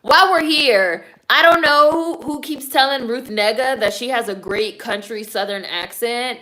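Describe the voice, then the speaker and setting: A woman with a bright, sharp tone running a live stream. She reads viewer comments out loud and answers them in blunt, opinionated bursts. Her talk is loose and profane, full of "like" and "y'all". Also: on the high side, measured pace. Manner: blunt, opinionated, frequently swearing.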